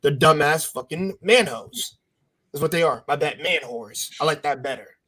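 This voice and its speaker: A man's voice: on the high side, steady tone, fairly quick, bright, forceful tone. A man on a podcast panel speaking bluntly and profanely, rambling through his points. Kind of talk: casual panel chat.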